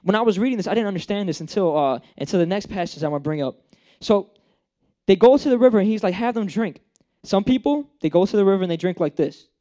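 A man's voice: high voice, lively intonation, fast talker, warm tone. A young man giving a casual, joking sermon, acting out the characters he talks about. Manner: chatty, joking, acts out characters. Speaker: preacher.

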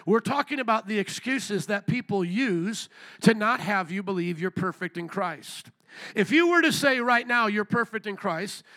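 A man's voice: high-pitched, sharp tone. A male pastor preaching a sermon emphatically and punchily, repeating phrases and calling for amens. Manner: emphatic and punchy, with many repetitions and calls for amen.

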